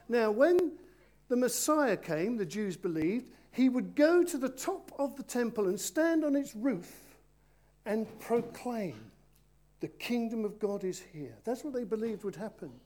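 Unhurried and very high-pitched, with big swings in pitch and a slightly mellow quality, a man guides a children's talk in church. He coaxes the young volunteers at the front in a playful way, talking straight to them, and speaks to the congregation around him as he preaches.

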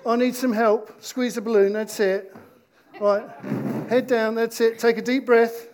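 A man preaching an interactive sermon in church, playful with his volunteers and slowing down to stress key points. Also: extremely high pitch, fairly even intonation, darkish tone. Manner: playful, slows down for emphasis.

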